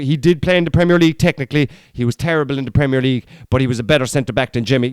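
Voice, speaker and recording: A man's voice: mid-range voice, smooth, dry recording. A man hosting a casual podcast monologue, blunt and opinionated, who swears freely and rambles with restarts. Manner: rambling, with frequent fillers and restarts. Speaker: podcast host.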